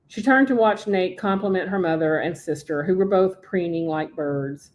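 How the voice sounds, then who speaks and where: A woman author reading aloud from her own novel at home as a podcast guest, after a relaxed, chatty setup. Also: lowish voice, moderate pace, hardly any pauses.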